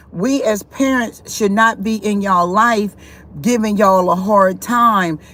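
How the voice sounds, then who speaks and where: Earnest, rambling middle-aged woman livestreamer. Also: medium pitch. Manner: earnest, repetitive, preachy and rambling. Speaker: livestream host, self-styled spiritual therapist. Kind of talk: live-stream monologue.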